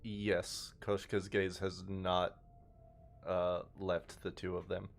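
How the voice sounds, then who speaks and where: A man's voice: sits low, little pitch movement, vocal fry, soft background music. A man in casual tabletop game chat, teasing others dryly. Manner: slow, wry teasing. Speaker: player.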